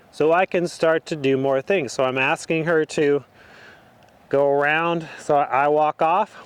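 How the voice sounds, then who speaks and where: Clear-voiced man teaching horse work. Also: a little high. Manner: relaxed, talks the viewer through each step. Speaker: horse trainer. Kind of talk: casual instruction while working a horse.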